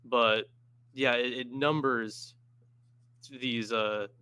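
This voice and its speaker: A man's voice: mid-range voice, fairly even intonation, drawn-out words, sharp tone, clean tone. A man on a discussion panel, thinking aloud and hesitating while he looks up references. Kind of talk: casual discussion.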